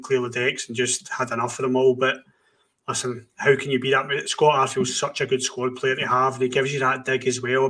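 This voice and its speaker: A man co-hosts a casual podcast in a flat, even voice. He gives blunt opinions and answers his own rhetorical questions. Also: medium pitch. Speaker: podcast co-host.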